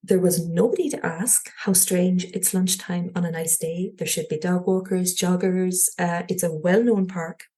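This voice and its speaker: A woman with a Cork Irish accent, a podcast guest telling a personal story in an animated way, often laughing lightly and restarting her sentences. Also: lowish voice, moderate pace, few pauses. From Cork, Ireland.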